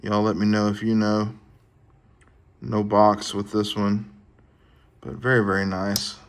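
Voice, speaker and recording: A man hosting a knife collecting vlog, talking in a relaxed, folksy way as he shows off mail he received. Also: lowish voice, a little slow. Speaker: knife collecting channel host. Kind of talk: casual show-and-tell vlog.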